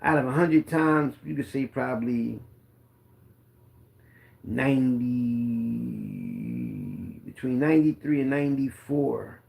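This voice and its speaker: A man's voice: medium pitch, very animated, takes it slowly, creaky, pauses often, a little mellow. A man, a former running back telling boastful, profane football stories in a rambling casual monologue.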